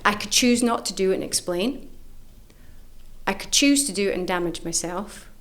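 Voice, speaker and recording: A middle-aged woman, an author and coach, telling stories in an interview with lively, acted-out quoted voices. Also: moderate pace. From United Kingdom. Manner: animated, acts out quoted voices with big pitch jumps.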